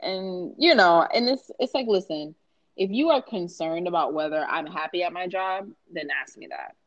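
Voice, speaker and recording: A woman's voice: fairly low pitch, animated, moderate pace, highs cut off. A woman co-hosting a podcast in casual chat, venting emphatically and profanely, often asking "you know what I'm saying". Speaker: podcast co-host.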